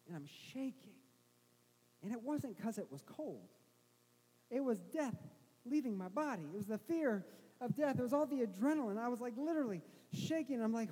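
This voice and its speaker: Middle-aged male pastor, very high voice, comic sermon storytelling, long hall reverb. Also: breathy edge. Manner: animated, self-mocking storyteller with restarts.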